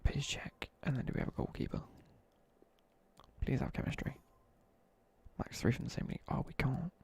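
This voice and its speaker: Young guy streaming, gravelly and dark-toned, rambling story between game asides, dry close mic. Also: medium pitch, big pitch swings, normal speed, whispered. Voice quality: gravelly, husky. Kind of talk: casual chat while gaming.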